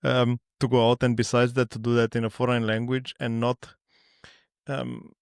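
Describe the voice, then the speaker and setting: Male interviewer with a gravelly voice, halting and filler-heavy, dry close recording. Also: mid-range voice, level tone, dry recording. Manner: hesitant, many fillers and restarts. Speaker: podcast host. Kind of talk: interview questions.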